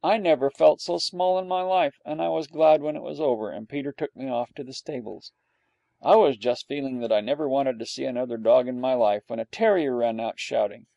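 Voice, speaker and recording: A man's voice: medium pitch, brisk, creaky, warm tone, no echo, highs cut off. A man narrating a storybook in the first person as a dog, with wry, dry humor. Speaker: audiobook narrator.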